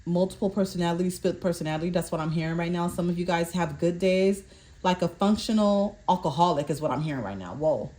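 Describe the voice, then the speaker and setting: Lady doing a card reading online, kinda low voice, trips over words, says okay a lot. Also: quick pace, dark tone. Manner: repeats "okay?" to check in with viewers; stumbles over card meanings while reading them aloud. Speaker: tarot reader.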